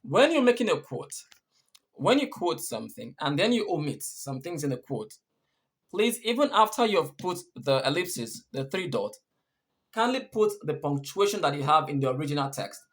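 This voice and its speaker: Guy teaching punctuation, bit high voice, keeps rephrasing stuff. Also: sing-song, moderate pace, fairly bright tone. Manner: patient, repeats and rephrases points. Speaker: English teacher. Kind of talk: explaining punctuation rules.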